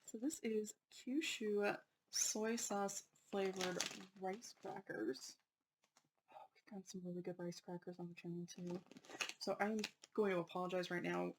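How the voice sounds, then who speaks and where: Woman, unboxing host, casual chat, excitable, chatty, faint background noise. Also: mid-range voice, measured pace. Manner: excitable, apologetic, chatty with frequent laughs.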